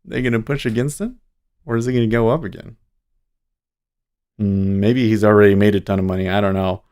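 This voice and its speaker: A man's voice: on the low side, fairly even intonation, brisk, darkish tone, clear, resonant tone. A man hosting a day trading livestream, chatting casually and easily with his viewers and chuckling often. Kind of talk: casual live-stream chat.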